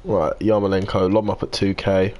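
While gaming on stream, a nineteen-year-old Brit curses, grumbles, and chats casually, addressing viewers by name. His deep, darkish voice stays level in tone and runs a little fast.

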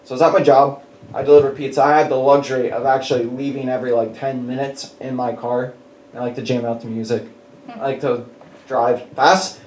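Animated man preaching in an echoey hall. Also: medium pitch, a little fast, far from the mic. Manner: animated, chuckles through his stories. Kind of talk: conversational sermon storytelling. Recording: echoey hall with faint background noise.

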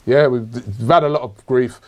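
A man hosting a casual football podcast, telling jokey, repetitive, animated stories. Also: medium pitch, brisk. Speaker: podcast host.

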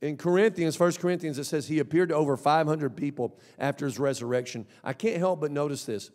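A man preaching a sermon as pastor, swinging from loud shouts to low mumbled asides. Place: church sanctuary. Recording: long church hall reverb.

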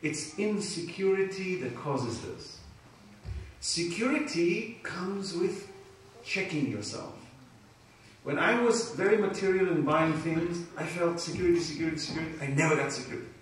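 A man's voice: on the high side, normal speed. A man giving an emotional religious talk in a community hall, telling personal stories with laughter. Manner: emotional, animated storytelling with laughter. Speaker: Islamic speaker. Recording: echoey hall, speaker far from mic, faint noise.

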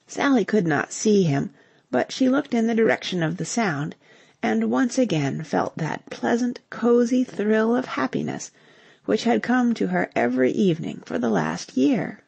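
A woman narrating a novel as an audiobook in a measured, expressive way. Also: mid-range voice, creaky, husky, no room sound. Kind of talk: scripted narration.

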